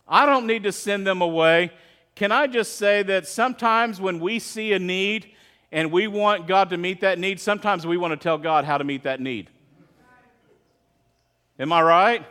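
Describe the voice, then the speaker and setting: A man's voice: high voice, unhurried, fairly bright tone. A middle-aged male pastor preaching a sermon in a conversational, storytelling way, acting out quotes as he goes.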